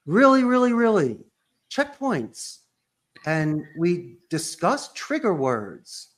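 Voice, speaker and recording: A call center owner appearing as a podcast guest talks emphatically and punchily, packing his animated interview answers with sports and pop-culture references. His voice is high, with huge pitch swings, and he takes his time.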